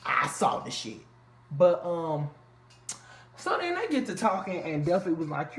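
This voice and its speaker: Reviewing a reality show in casual vlog commentary, a man delivers an unhurried, blunt rant full of profanity from a room at home. His slightly high voice swings hugely in pitch, and the echoey room has faint ambience over a noisy background.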